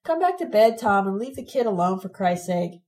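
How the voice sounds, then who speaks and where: A woman reading aloud while voicing an angry mother who shouts back at her husband. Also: medium pitch, moderate pace, natural voice. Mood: scolding.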